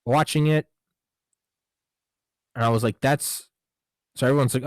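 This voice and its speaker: A man hosting a podcast in a casual monologue, talking in an animated way with swearing, rhetorical questions and quick asides. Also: mid-range voice, dry recording. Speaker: podcast host.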